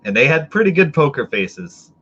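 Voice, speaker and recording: A man's voice: on the high side, big pitch swings, moderate pace, a bit bright, a little hiss or hum. A man co-hosting a casual podcast, making dry, nitpicking jokes. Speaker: podcast co-host. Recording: dull lo-fi sound.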